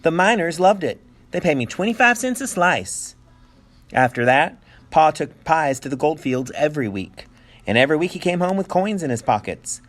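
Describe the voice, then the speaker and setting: A male teacher reading a picture book aloud with animated storytelling and playful asides. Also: a little high, normal speed.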